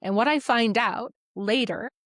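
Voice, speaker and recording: A woman, co-hosting a podcast and telling a story in a relaxed, candid way, acting out the dialogue and swearing casually. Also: fairly high pitch, unhurried, no room sound, clean studio sound. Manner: animated retelling, acts out quoted dialogue, swears casually. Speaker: podcast co-host.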